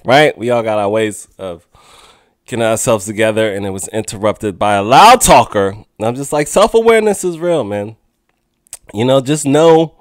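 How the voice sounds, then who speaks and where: A man's voice: medium pitch, dry recording. Goofy young guy riffing on his podcast, laughs a lot, dry close mic. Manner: goofy, rambling, laughs often. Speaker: podcast host. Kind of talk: casual solo monologue. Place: outdoors in the city with sirens.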